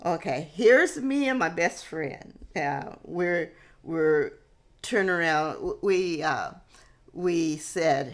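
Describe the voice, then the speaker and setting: A woman vlogger telling a personal story to camera in a halting way, often restarting and dropping in "hey". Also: lowish voice, animated.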